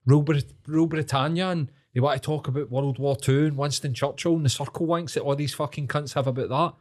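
A Scottish man in his thirties chatting casually, swearing freely and telling stories with animated energy. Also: mid-range voice, fast. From Scotland. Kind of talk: casual chat.

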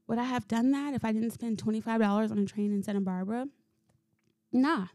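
A woman hosting a solo podcast, telling stories in a casual, animated way, swearing freely and laughing as she goes. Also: on the high side, a little fast, dry recording, clean studio sound. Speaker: podcast host. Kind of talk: casual solo storytelling monologue.

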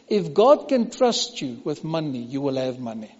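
A South African man preaching a sermon as pastor, emphatic and repetitive, now and then dropping to a hush. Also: mid-range voice, very animated, moderate pace, hardly any pauses, big-room sound, muffled recording, a little hiss or hum.

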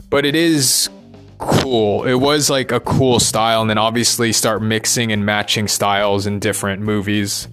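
A man's voice: lowish voice, fairly even intonation, normal speed, a bit bright, faint music behind. A man thinking aloud in a rambling personal monologue, restless and swearing as he questions himself.

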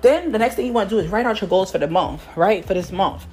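A woman's voice: mid-range voice, lively intonation, fast talker, a little mellow, soft background music. A woman from Harlem, New York, hosting a motivational podcast as a manifestation coach, talking casually while a bit out of breath from cleaning, rambling and often tagging "right?". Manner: rambling, keeps asking "right?".

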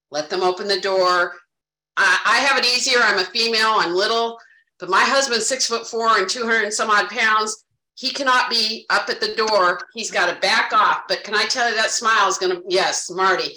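A woman's voice: medium pitch, sharp tone, echoey room, poor audio. A woman giving sales tips in a group discussion, talking in a bubbly, emphatic, over-the-top way. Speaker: sales agent sharing tips.

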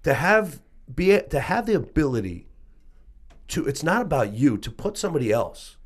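A man's voice: on the high side, sing-song, moderate pace. A man co-hosting a casual podcast chat about coaching, speaking earnestly and agreeing emphatically.

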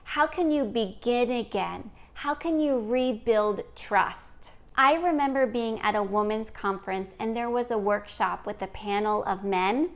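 A woman hosts a podcast, talking to her listener in an earnest, encouraging way. Her voice sits a little high, and she takes her time, letting each phrase land slowly. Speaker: podcast host. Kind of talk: scripted podcast monologue.

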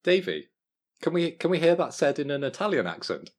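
A young man with a slightly husky voice co-hosts a casual podcast. He teases his friend with dry humour, and his pitch moves around a lot. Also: sing-song, brisk. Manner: teasing, dry ribbing. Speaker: podcast co-host. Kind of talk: casual chat.

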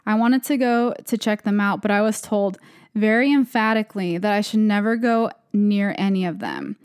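In a clean studio recording without echo, a young woman co-hosting a podcast chats casually through creepy stories, rambling and filling her speech with "like." Her mid-range voice is animated, smooth and darkish, at a moderate pace.

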